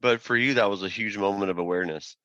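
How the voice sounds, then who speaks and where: A man's voice: fairly low pitch, fast talker, bright, forceful tone, no room sound. A man hosting an interview, encouraging his guest and asking follow-up questions. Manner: encouraging, frequent affirmations. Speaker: podcast host. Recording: dull, slightly muffled dry sound.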